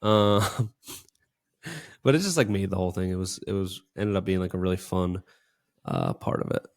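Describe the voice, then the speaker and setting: Low-voiced man rambling through a story. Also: big pitch swings, normal speed, gravelly. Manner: rambling, filler-heavy storytelling. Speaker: podcast co-host. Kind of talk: casual chat.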